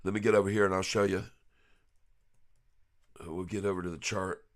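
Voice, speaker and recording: A man giving live stock market commentary, excitable and laughing often, breaking into rhyming hype riffs. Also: low voice, fairly quick. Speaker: stock trading vlogger.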